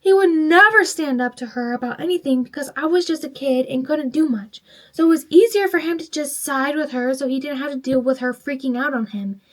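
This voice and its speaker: A woman's voice: high voice, a little fast. A tipsy woman vlogger reading online stories aloud while doing her makeup, chatty and swearing freely as she reacts to each story.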